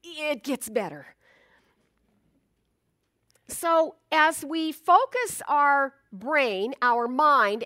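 High-voiced woman minister preaching conversationally. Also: a bit bright, no echo, clean studio sound. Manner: conversational, storytelling with acted-out asides. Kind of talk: sermon.

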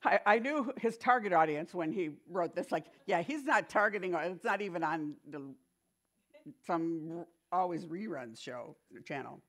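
A woman giving a sermon in a chatty, animated storytelling manner, with frequent asides. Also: lowish voice, normal speed.

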